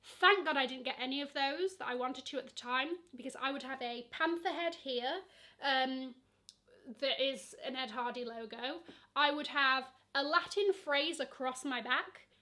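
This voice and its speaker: A woman's voice: high voice, a little slow, sharp tone. A young woman, chatting casually through a Q&A vlog with lots of fillers and playful asides. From Nigeria. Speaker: luxury vlogger.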